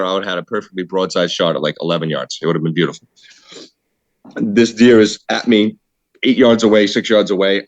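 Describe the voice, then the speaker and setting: Excited deep-voiced man telling a hunting story. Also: no room sound. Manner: excited, animated retelling with repeated "dude". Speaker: podcast guest, hunter. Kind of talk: casual storytelling.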